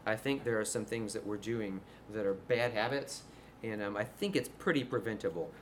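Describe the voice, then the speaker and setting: A man's voice: lowish voice, moderate pace, a little hiss or hum. A man, a music teacher giving a conversational workshop presentation to other teachers. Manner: conversational, demonstrates his voice registers. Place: room before a live audience.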